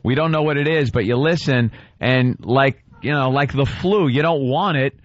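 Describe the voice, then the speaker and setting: A man in the middle pitch range jokes sarcastically with his co-hosts. He sounds like a muffled, lo-fi radio broadcast. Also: normal speed. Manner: sarcastic, joking. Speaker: radio show host. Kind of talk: casual radio banter.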